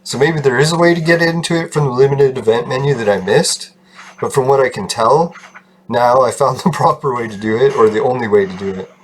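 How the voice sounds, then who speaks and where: A man's voice: medium pitch, brisk, a little hiss or hum. A man casually commenting on his own gameplay, rambling, laughing often and swearing. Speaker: gaming video host.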